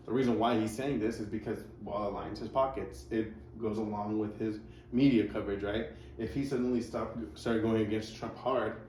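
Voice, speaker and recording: Rambling commentary over clips comes from a male reaction-video host who slips in sarcastic asides. His voice is on the low side and a little mellow. A distant mic captures a roomy sound with faint noise.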